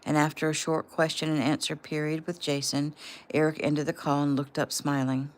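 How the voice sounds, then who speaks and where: A woman casually reading aloud from her own novel, relaxed and unpolished, with the odd slip. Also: low-pitched, normal speed. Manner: relaxed and unpolished, with small slips.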